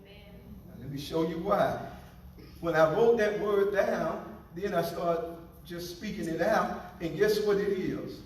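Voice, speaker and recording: A male pastor delivers a sermon with unhurried, drawn-out phrasing and a playful, teasing touch. His voice rings through a very echoey church hall. He sounds set back from the microphone. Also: sits high, far from the mic, slight background noise. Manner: playful, joking with the congregation.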